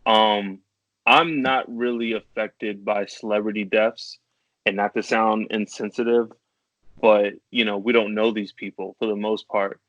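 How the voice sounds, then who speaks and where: A man's voice: fairly low pitch, steady tone, measured pace, fairly bright tone, dry recording. A man in his thirties, co-hosting a podcast in casual chat, reflective, stammering now and then and laughing between thoughts. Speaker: podcast co-host. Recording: dry, dull lo-fi sound.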